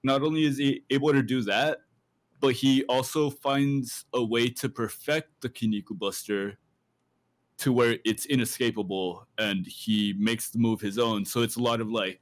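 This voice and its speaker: Podcast co-host, male, mid-pitched, loose rambling recap delivery. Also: fairly even intonation, normal speed, dry recording. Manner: rambling, with many fillers and restarts. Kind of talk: casual chat, recapping an anime.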